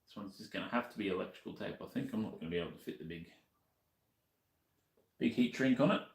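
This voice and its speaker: A man's voice: lowish voice, animated, quick pace, gravelly, reverberant. A man with an Australian accent chatting casually to a stream while he works on a motorbike, muttering to himself as he goes. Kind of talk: casual live-stream chat while working.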